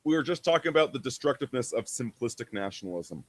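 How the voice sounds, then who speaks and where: A man hosts a loose call-in conversation, talking bluntly and casually with some swearing. His voice sits at an average pitch. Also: animated, quick pace, dry recording.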